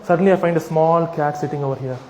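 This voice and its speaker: Guy giving a funny talk to a crowd, high-ish voice, teasing rhetorical questions, roomy hall sound. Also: steady tone, quick pace, mellow, a little hiss or hum. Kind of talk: humorous persuasive talk to a live audience. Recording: echoey hall with long reverb.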